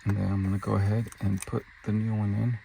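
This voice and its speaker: A man's voice: on the low side, flat delivery, fast talker, vocal fry, dark tone, slight background noise. A young man casually talking through car parts in a show-and-tell vlog, thinking aloud with filler words as he tallies prices. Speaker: car parts reseller vlogger.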